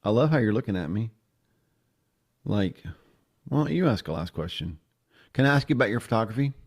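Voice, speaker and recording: A man's voice: on the low side, lively intonation, a little fast. A man who is a pastor and podcast host, chatting casually and telling self-deprecating stories. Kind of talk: casual interview chat.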